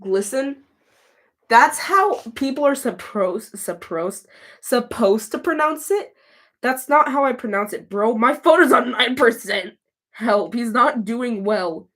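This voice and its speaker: A woman livestreaming, answering her chat in a casual, chatty way with quick flustered restarts. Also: a little high, fairly bright tone.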